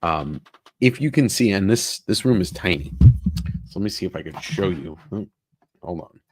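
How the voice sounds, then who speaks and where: A man's voice: low voice, lively intonation, normal speed, dry recording. A middle-aged man hosting a casual live stream from a tiny room, rambling and joking as he greets viewers by name. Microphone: own travel microphone.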